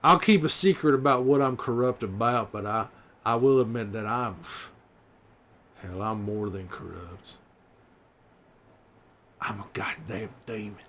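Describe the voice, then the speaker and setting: Gruff, wry middle-aged survivor, a man in character, teasing chat with slow, easy cursing. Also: lowish voice, a bit bright, slight background noise. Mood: bantering. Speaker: streamer in character. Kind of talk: in-character livestream banter.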